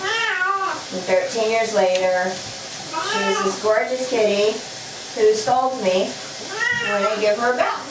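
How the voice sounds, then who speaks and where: A woman's voice: fairly high pitch, lively intonation, slow, long pauses, background noise. A woman chatting casually to her camera while she bathes her cats at home, soothing them as she goes. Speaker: cat owner bathing her cats. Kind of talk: casual vlog narration. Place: bathroom at home, tub area. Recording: echoey bathroom, mic at a distance, running water.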